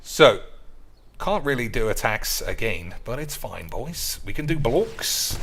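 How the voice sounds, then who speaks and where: A man's voice: medium pitch, very animated, slow pace, vocal fry, a bit bright, breathy edge. A man giving teasing, drawling commentary on his gameplay stream. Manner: drawling, teasing, addresses viewers as boys and lads.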